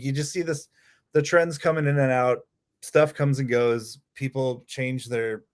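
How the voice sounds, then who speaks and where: A man of forty in casual podcast conversation, relaxed and reflective, often checking in with "you know what I mean". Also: mid-range voice. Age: 40s.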